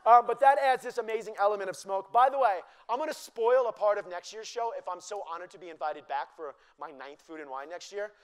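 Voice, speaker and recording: A man's voice: high voice, brisk, hardly any pauses, smooth. A man giving a live cooking demonstration to an audience, joking and teasing the crowd in a chatty way.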